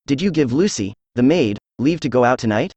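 An anxious young daughter from an audiobook, read by a synthesized man's voice. The delivery stays even and mid-pitched, with no change for the character. The sound is dry and close. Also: fairly quick, slightly rough, dry recording, highs cut off.

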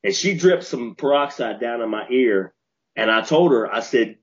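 Animated man telling a story, lo-fi. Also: mid-range voice, moderate pace. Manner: animated storyteller, repeats and restarts when worked up. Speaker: podcast co-host. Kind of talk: casual storytelling chat. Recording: dull lo-fi podcast audio.

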